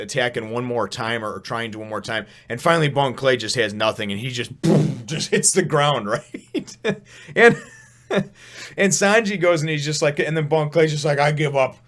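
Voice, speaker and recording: Fast-talking man rambling through a review. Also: mid-range voice, fairly bright tone. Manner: rambling, many fillers, frequent chuckles. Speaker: manga review host. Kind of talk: casual chapter review monologue.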